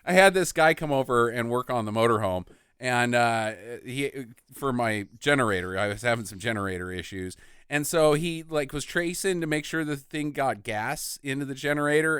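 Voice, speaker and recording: A woman's voice: rumbling low, animated, moderate pace, a bit bright, clear, resonant tone, no room sound, clean studio sound. A woman co-hosting a podcast, chatting casually about a bad movie, laughing often and acting out quotes. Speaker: podcast co-host. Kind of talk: casual movie-riffing chat.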